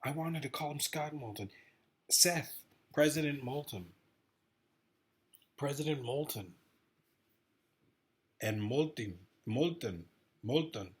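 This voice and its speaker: A man giving a rambling, excitable casual monologue about politics, repeating himself often. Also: medium pitch, slow, long pauses, husky. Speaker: political commentator vlogger.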